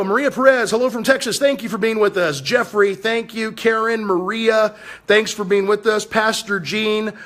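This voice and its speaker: A man in his fifties from the United States hosts a political livestream. His voice is high and a bit bright, and his delivery is fiery, combative and preachy.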